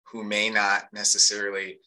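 A man's voice: on the low side, completely flat delivery, moderate pace, sharp tone, low-quality recording. A man co-hosting a live discussion, talking earnestly and thoughtfully about masculinity, with many fillers. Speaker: podcast co-host. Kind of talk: reflective casual discussion.

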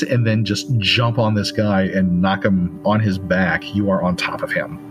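Low-voiced man running a tabletop game. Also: music in the background. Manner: relaxed, halting, many fillers. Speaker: game master.

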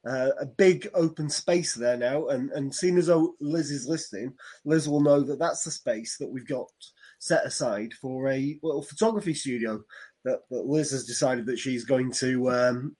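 A man's voice: medium pitch, moderate pace, darkish tone, breathy edge. A man on a casual podcast, rambling easily and thinking aloud. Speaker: podcast co-host. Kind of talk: casual chat.

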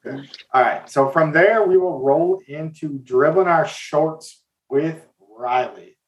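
Animated man in casual sports chat. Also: fairly high pitch, slow pace, highs cut off. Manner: enthusiastic, animated, talks in bursts. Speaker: podcast co-host.

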